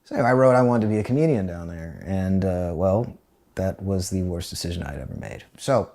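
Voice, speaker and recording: A young American man, an army veteran and podcast guest, telling a story casually with lots of profanity and big swings in pitch and loudness. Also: brisk. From United States.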